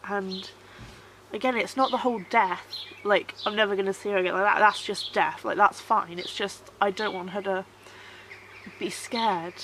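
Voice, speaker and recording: A woman records a personal vlog outdoors, her voice soft, halting and sorrowful. She circles back on her words and repeats herself as if steadying her nerves. Clear background noise of birds and wind runs under the recording. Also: medium pitch, steady tone. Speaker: vlogger.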